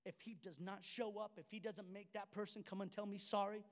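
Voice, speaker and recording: A man's voice: high-pitched, fairly even intonation, a little fast. A man preaching voices the disciple Thomas as a frustrated, doubting man. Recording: echoey hall with faint music.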